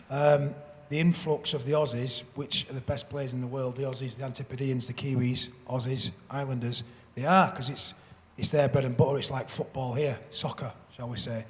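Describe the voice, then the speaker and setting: A man of ordinary pitch talks on a festival stage, rambling through his points and tripping over repeated words as he restarts. His voice rings out with the long reverb of a large hall. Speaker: panel guest, former rugby league player. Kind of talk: live stage conversation.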